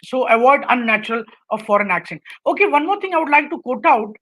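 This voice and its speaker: High-voiced Indian woman teaching. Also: expressive, quick pace, a bit bright, low-quality recording. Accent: Indian English. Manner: instructive, lists numbered points, tags sentences with "right?". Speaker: public speaking trainer. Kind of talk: webinar lecture.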